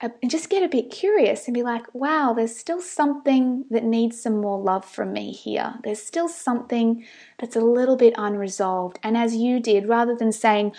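A woman's voice: a little high, normal speed, mellow. A woman hosting a conversational interview, encouraging and reflective as she shares her own experience. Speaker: podcast host.

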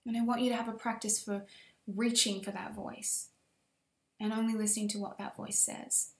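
A woman's voice: on the high side, level tone, normal speed, echoey room. A woman coach giving a motivational course lesson in a passionate, emphatic, affirming way. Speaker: women's empowerment coach.

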